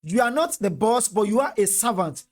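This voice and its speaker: Nigerian accent, fervent political commentary, repetitive, mid-pitched voice. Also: animated, a little fast. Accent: Nigerian, Yoruba-speaking. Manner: fervent, repetitive, switches between English and Yoruba.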